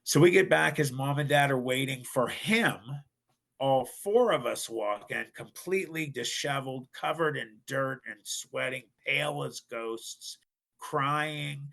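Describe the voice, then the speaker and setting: A man's voice: medium pitch, a little slow, vocal fry, fairly bright tone. A middle-aged man from Ohio, a podcast guest, telling his story animatedly and acting out other people's voices. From Ohio, United States. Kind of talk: casual storytelling.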